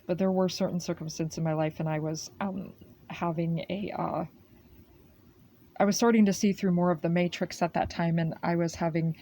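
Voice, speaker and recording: Low, mellow woman doing an oracle reading. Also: steady tone, moderate pace. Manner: repetitive and earnest, with frequent "okay" tags and "beautiful soul" address. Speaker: oracle card reader. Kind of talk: spiritual channeled reading.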